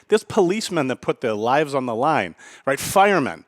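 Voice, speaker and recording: Blunt, animated male podcast host. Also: mid-range voice, normal speed, dry recording, studio quality. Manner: blunt, emphatic, repeats himself, swears. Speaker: podcast host and restaurant owner. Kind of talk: casual monologue.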